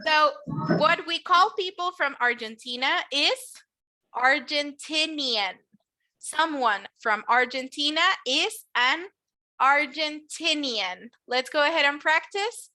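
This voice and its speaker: A woman teaching an online English class, saying words slowly for students to repeat. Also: high-pitched, animated, pushed and bright. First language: Spanish. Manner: slow, drawn-out model words for repeating.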